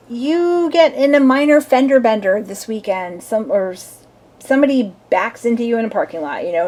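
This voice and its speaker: This young woman reads tarot on a weekend, chatting in a casual, playful way and acting out little scenes. Her voice is fairly high in pitch with a darkish tone.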